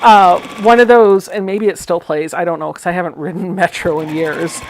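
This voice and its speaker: A woman's voice: lowish voice, steady tone, moderate pace, slight background noise. A woman hosting a live sewing stream, chatting casually and telling stories while she sews. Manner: chatty, laughs often, tells anecdotes. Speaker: sewing livestream host.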